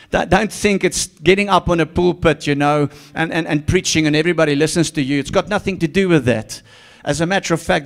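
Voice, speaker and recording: Male pastor, slightly high voice, fervent church sermon with hushed and shouted passages. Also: vocal fry. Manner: fervent, swinging from hushed to shouted, repeating phrases. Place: church before a congregation.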